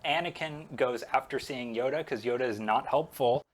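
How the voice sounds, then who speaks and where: A man's voice: medium pitch, normal speed. A man casually recapping a movie while he paints, joking and rambling as he goes. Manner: joking, rambling, self-interrupting. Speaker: painting vlogger.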